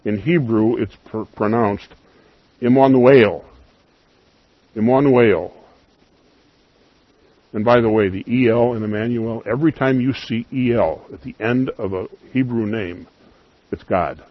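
Low-voiced guy preaching, punchy then quiet asides, kinda muffled dry sound. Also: normal speed, no room sound. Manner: emphatic, rising loud on key phrases, drops to soft asides. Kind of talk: sermon.

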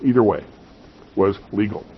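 A man's voice: on the low side, expressive, moderate pace, husky, lo-fi sound. A man preaching a teaching sermon, stressing key points and putting rhetorical questions to his congregation. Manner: teaching, emphatic, asks the listeners rhetorical questions. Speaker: pastor. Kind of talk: expository sermon.

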